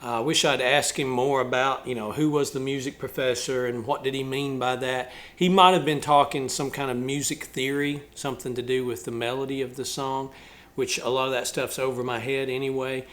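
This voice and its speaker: A man's voice: medium pitch, fairly bright tone. A male musician and channel host talking casually about a song, thoughtful and explaining step by step with small restarts.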